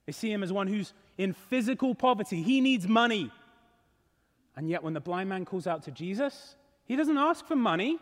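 A man's voice: high voice, expressive, moderate pace, in a large hall. A male pastor preaching a sermon in a church, earnest and emphatic. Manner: earnest, emphatic, rising and falling.

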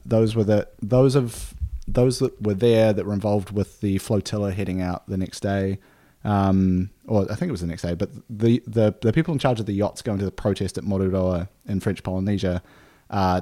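Casting: New podcast co-host, lower voice, easygoing storyteller. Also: male voice. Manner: relaxed, laid-back retelling with frequent fillers.

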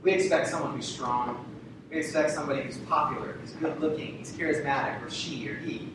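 A man's voice: fairly high pitch, a little fast, recorded from a distance, background noise. Man, pastor, sermon, repeats phrases for emphasis, rhetorical questions, echoey church hall, mic set back. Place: church sanctuary.

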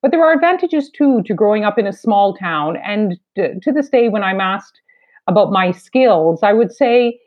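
A woman in her fifties from eastern Canada, a foreign correspondent with a Canadian accent, speaking in a measured, wry, reflective way in an interview. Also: mid-range voice, expressive. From New Brunswick, Canada. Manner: measured, wry, deliberate phrasing. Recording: slightly dull lo-fi sound.

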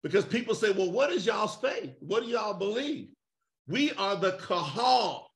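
A man preaching fiery call-and-response over a video call, emphatic and shouting, firing rhetorical questions at his listeners. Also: high-pitched, very animated, unhurried. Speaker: preacher leading an online gathering.

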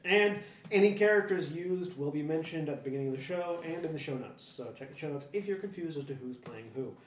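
A man hosting a tabletop game podcast, upbeat and quick, restarting his sentences now and then. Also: a little high, expressive. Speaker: podcast host and player. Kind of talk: casual tabletop podcast intro. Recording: echoey room, distant mic, faint hiss.

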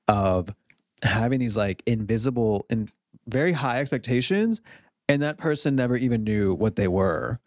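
A podcast co-host with a mid-range voice, talking in a relaxed, casual way and telling stories. The sound is dry and close on the microphone. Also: mid-range voice, moderate pace, no room sound. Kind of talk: casual chat. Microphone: studio microphone.

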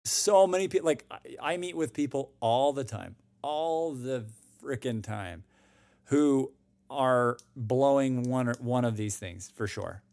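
A man's voice: mid-range voice, expressive, unhurried, a little mellow, dry recording. A man co-hosting a finance podcast in casual chat, rambling with restarts and emphatic asides. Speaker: podcast co-host. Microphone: new microphone.

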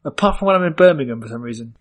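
Irish-born young podcast co-host, rambling and filler-heavy, mid-pitched voice. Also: male voice, lively intonation, rapid-fire. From Ireland. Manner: chatty, rambling with many fillers. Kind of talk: casual chat.

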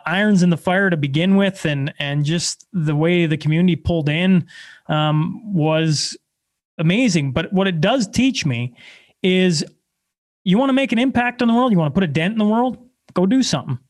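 A man in his thirties with a fairly high voice tells stories as a podcast guest. He talks bluntly and with plenty of energy, and he pokes fun at himself as he goes. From Canada. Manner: energetic, blunt, self-deprecating storyteller. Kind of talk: casual conversation.

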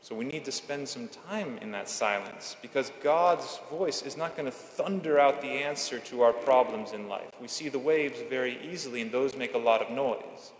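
A man giving a Catholic homily at Mass, measured and earnest, with slow emphatic phrases. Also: medium pitch. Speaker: Catholic priest. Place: large church. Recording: echoey church with long reverb.

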